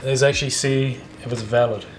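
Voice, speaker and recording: In a brisk, medium-pitched voice with fairly even intonation, a man walks through baking at home in a casual cooking vlog. He's chatty and throws in slangy remarks; slight background noise is present.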